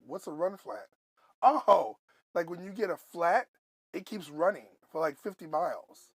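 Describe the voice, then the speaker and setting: A man from Buffalo, New York telling a story on a podcast, animated and loose, swearing and going off on asides. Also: sits high, measured pace, husky, no room sound. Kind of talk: casual storytelling.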